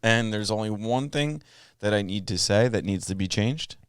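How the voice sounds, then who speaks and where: A man's voice: fairly low pitch, normal speed, smooth, no echo, studio quality. A man co-hosting a podcast, chatting casually in a joking, rambling way. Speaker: podcast co-host. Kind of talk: casual chat.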